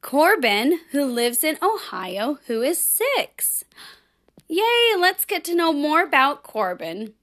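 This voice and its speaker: High, lively woman teaching children. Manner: slow, exaggerated teacher-to-child delivery; bubbly, frequent laughs. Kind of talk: children's lesson, sing-along.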